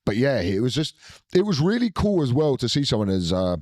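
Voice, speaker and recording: Sweary, animated British young man. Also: mid-range voice, brisk, no room sound, clean studio sound. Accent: British English. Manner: excitable, sweary storytelling. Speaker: podcast co-host. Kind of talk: casual chat.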